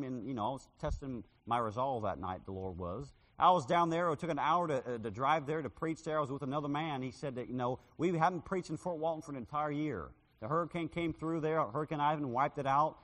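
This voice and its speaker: Animated preacher man in a reverberant hall. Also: medium pitch. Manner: dramatic, acts out voices in his stories. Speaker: street preacher. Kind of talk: sermon with personal story.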